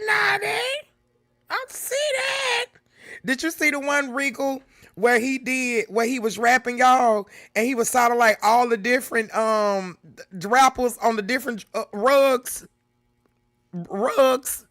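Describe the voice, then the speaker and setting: A woman's voice: a little high, fairly bright tone, no echo, studio quality. A middle-aged woman hosting a live reaction stream, chatting casually with viewers and reading the chat aloud, laughing often. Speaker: livestream reaction host.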